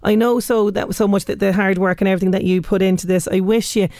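A woman's voice: mid-range voice, fairly even intonation, quick pace, mellow. An Irish woman hosting a local radio show, chatty and enthusiastic in her delivery. She speaks close to a studio mic with a dry, tight sound and no room echo. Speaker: radio presenter. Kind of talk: local radio presenting and interviewing. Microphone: studio microphone.

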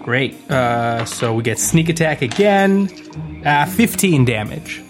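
A man's voice: mid-range voice, expressive, slow, music in the background. A man playing a tabletop game, easygoing and full of hesitant fillers. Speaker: player.

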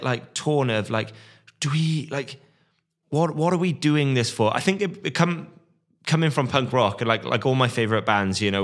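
Halting man musing about his band. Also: mid-range voice, a bit bright. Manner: halting, repeats words while searching. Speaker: guest musician. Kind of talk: casual chat.

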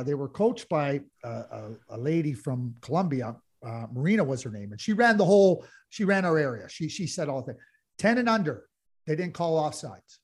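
Guy w a high voice, fired up podcast cohost, keeps restarting his sentences. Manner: passionate ranting, frequent restarts. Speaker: podcast co-host. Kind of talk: casual hockey chat.

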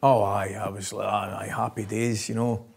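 A man's voice: on the low side, moderate pace, gravelly, breathy edge. A man with a Scottish accent, a former football coach, telling stories in an interview, laughing often and checking in with "right?". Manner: lively storyteller, laughs often, says "right?" constantly. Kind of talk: anecdotal interview chat.

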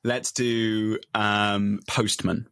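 A man's voice: lowish voice, little pitch movement, very slow, a bit bright, clear, resonant tone, no echo, studio quality. A man co-hosting a casual podcast chat, joking and laughing often. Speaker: podcast co-host.

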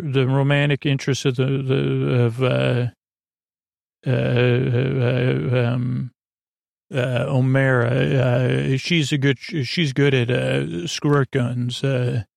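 A man's voice: mid-range voice, vocal fry, darkish tone, no echo. A man hosting a podcast, giving a rambling, comedic recap of a TV episode. He halts often and acts out the characters' lines in a dry, offhand way. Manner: rambling, halting, full of fillers and restarts; dry, offhand retelling of scenes with quoted lines. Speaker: podcast host.

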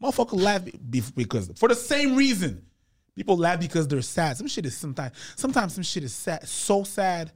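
A man's voice: high voice, sing-song, brisk. A man, a comedian guest, talking emphatically and repeating his points in casual chat. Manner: emphatic, repetitive, philosophizing.

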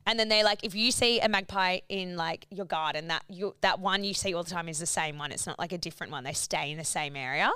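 A woman's voice: lowish voice, fast talker, hardly any pauses, sharp tone, clean tone, no echo. A young woman, co-hosting a podcast and telling stories in a casual, chatty way full of fillers and swearing. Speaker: podcast co-host. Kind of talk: casual chat.

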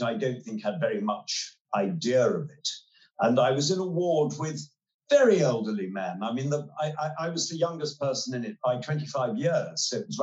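A man in his sixties speaks as an interview guest, wry and articulate, pausing and restarting often. His voice sits at a middle pitch. The recording has a roomy echo. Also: dull audio. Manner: articulate, wry storytelling with frequent hesitations. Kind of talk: relaxed conversational interview. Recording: roomy echoey sound.

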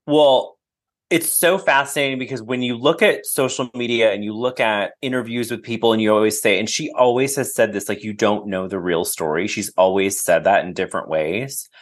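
A man's voice: mid-range voice, fairly quick. Earnest man guest on a podcast. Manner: earnest, animated, trails off and restarts when moved. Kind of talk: casual book discussion.

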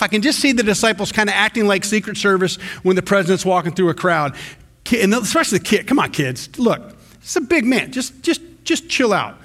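Animated high-voiced pastor preaching. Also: male voice, a little fast. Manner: conversational, animated, frequent restarts. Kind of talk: sermon.

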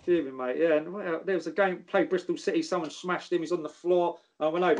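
A man's voice: fairly high pitch, quick pace, few pauses, dull audio. A man, a former footballer telling stories in casual chat, swearing freely and calling people mate. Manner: laddish, swears freely, says mate and geezer.

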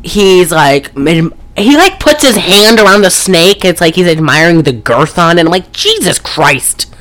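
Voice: medium pitch, expressive, moderate pace, fairly bright tone. Profane, rambling movie recapper. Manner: profane, rambling, frequent fillers. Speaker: podcast co-host.

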